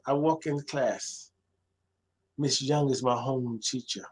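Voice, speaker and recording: A middle-aged man, a librarian guest, telling stories in a lively conversational way and acting out the voices of people he quotes. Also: measured pace, a little hiss or hum, rough recording. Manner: acts out quoted voices, jumping much higher. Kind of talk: animated storytelling in conversation.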